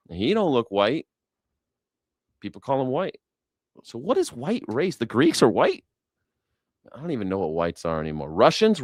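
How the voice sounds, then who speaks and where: A man's voice: on the high side, no room sound, studio quality. A man hosting a news reaction show, riffing sarcastically in rambling, profane commentary. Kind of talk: casual comedic commentary.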